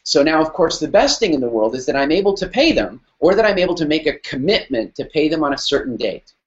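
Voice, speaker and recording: A man's voice: on the high side, sing-song, fast talker, muffled recording. A man teaching a business lesson through a personal story, emphatic and repeating phrases for weight. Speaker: business speaker.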